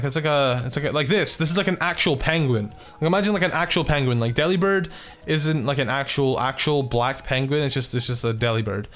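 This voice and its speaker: A man giving casual commentary while playing a game, excitable, swearing freely and full of filler words. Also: medium pitch. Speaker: let's play gamer.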